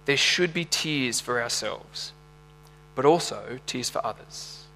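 A man's voice: medium pitch, expressive, slow pace, gravelly, sharp tone, in a large hall. A man preaching a sermon, earnest and building to passionate emphasis, with a slight hum behind him. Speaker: pastor.

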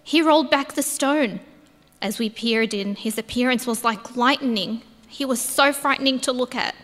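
A woman's voice: fairly high pitch, moderate pace, a bit bright, lightly acted. A woman acting as Mary Magdalene, reading a heartfelt first-person account in a church. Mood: awed, tearful. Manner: earnest, heartfelt storytelling. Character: Mary Magdalene, grieving then overjoyed woman disciple. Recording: echoey church hall.

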